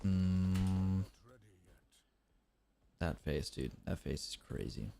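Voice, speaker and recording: A young man streaming live, chatting casually with viewers, thanking them and laughing loudly between comments. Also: low-pitched, extremely slow, gravelly, a little hiss or hum. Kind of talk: casual live-stream chat reacting to a clip.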